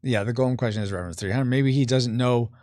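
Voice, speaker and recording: A man hosting a podcast, explaining the rules of a board game he is designing and reading viewer comments aloud during a relaxed playtest. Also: mid-range voice, quick pace, no echo, clean studio sound.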